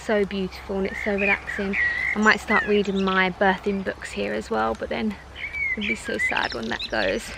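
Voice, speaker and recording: A woman's voice: mid-range voice, moderate pace, very noisy. Chatty young woman vlogging. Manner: gushing, breathy and excitable, then hushed and subdued. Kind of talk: casual vlog chat.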